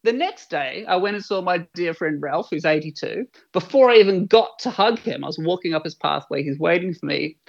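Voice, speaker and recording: Gravelly New man in his forties. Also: sits high, lively intonation, a little fast, hardly any pauses, lo-fi sound. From New Zealand. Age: 40s. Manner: earnest, reflective, swears freely. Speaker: guest. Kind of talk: podcast conversation.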